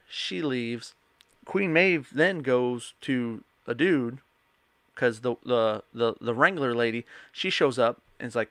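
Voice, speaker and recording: A man's voice: medium pitch, moderate pace, a bit bright, no room sound. A young man hosting a podcast, rambling through a casual episode recap and quoting the characters' lines with many restarts. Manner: rambling, retells scenes with quoted lines and restarts. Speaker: podcast host.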